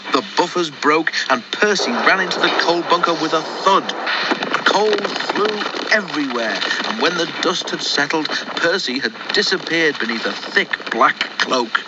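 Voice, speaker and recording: A man narrating a children's storybook in a lively, expressive read-aloud, on a dull lo-fi recording. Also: fairly high pitch, a little slow. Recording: dull lo-fi recording with faint noise.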